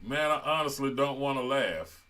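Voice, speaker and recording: Male commentary host, mid-pitched, casual, reads comments aloud. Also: expressive, normal speed, bright, forceful tone. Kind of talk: online commentary.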